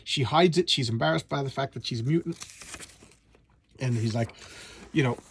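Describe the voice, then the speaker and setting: A man's voice: mid-range voice, moderate pace, vocal fry, slight background noise. A man reviewing an old comic book in a casual, blunt, rambling way, often restarting his sentences.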